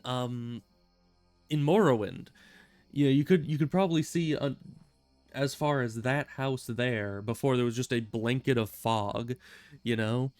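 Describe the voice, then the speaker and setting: Casual male game streamer, smooth clear voice, faint music underneath. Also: medium pitch, darkish tone, no echo. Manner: chatty, rambling, self-amused. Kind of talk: casual gameplay commentary.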